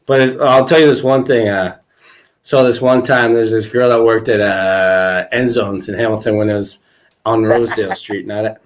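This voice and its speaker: A man's voice: lowish voice, steady tone, moderate pace. Crude laughing podcast host guy. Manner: crude storytelling, laughs often. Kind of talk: casual podcast chat.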